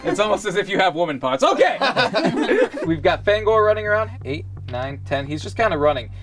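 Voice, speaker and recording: A man's voice: high voice, very animated, moderate pace, music in the background. A young man acting as game master, narrating a tabletop board game in a playful, jokey way.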